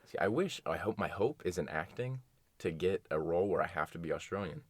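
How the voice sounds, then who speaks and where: A young man co-hosting a podcast, chatting casually and telling stories with quick, lively asides. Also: deep voice, breathy edge, no room sound. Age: young adult. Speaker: podcast co-host. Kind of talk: casual chat.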